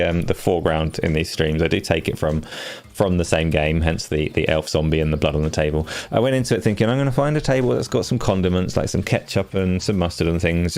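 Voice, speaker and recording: Deep-voiced man hosting a stream. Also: darkish tone. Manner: teasing, opinionated banter. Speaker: stream host. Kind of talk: casual live-stream chat.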